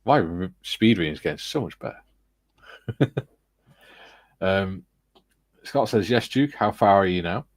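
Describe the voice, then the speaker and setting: A man's voice: low-pitched, lively intonation, measured pace, pauses often, no room sound. A man hosting a casual livestream, reading viewers' chat messages aloud and chatting with his panel. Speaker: livestream host.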